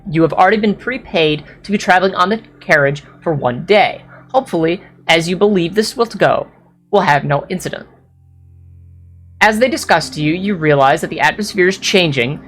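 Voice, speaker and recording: A low-pitched woman acts as game master for a tabletop role-playing game, narrating scenes in detail. Now and then she slips in brief apologetic asides.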